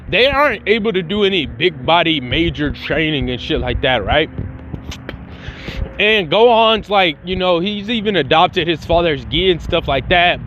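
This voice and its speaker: A man's voice: a little high, fairly bright tone. A young man casually narrating a fan story as channel host, rambling and slangy with a lot of swearing. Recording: dull lo-fi sound with faint noise.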